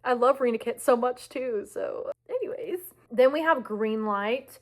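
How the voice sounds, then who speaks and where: A woman's voice: on the high side, normal speed. A young woman giving a casual book review vlog, dramatic and gushing about the stories she loves. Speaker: book vlogger.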